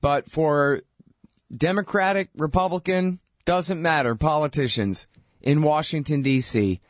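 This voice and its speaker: A man's voice: fairly high pitch, a little slow, no echo, clean studio sound. A man hosting a political talk show, delivering a sarcastic, heated commentary monologue.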